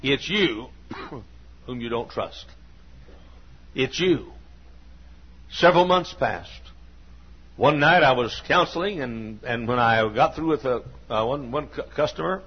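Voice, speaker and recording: Husky older preacher, dull recording. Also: male voice, mid-range voice. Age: 60s. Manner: folksy, earnest, with frequent restarts and coughs. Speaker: pastor. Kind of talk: sermon with personal stories. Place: church sanctuary.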